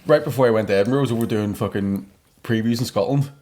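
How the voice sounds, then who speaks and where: Fast-talking Northern Irish man. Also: medium pitch, vocal fry. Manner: rapid storytelling with crude banter. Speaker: podcast host. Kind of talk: casual comedy chat.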